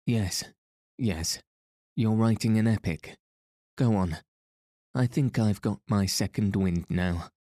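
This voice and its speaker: A man's voice: on the low side, takes it slowly, long pauses, warm tone, dry recording. A man reading the part of a genial, teasing middle-aged priest with dry, playful humor. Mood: gently teasing.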